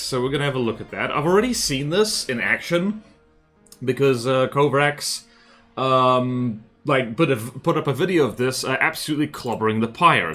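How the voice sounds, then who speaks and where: A man's voice: mid-range voice, fairly bright tone. A man with an Australian accent chatting casually and joking as he streams a game. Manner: chatty, jokey, quick to laugh. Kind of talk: casual live-stream chat over gameplay.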